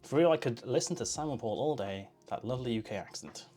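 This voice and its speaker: A man's voice: medium pitch, lively intonation, fast, warm tone, soft background music. Chatty man streaming. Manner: chatty, joking, answering chat while making coffee. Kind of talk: casual live-stream chat.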